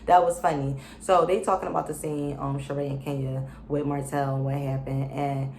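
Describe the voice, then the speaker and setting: Woman, deep voice, casual TV recap, sassy and chatty, roomy echo. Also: moderate pace, gravelly, slight background noise. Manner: chatty, animated, lots of fillers and slang. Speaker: reality TV recap host.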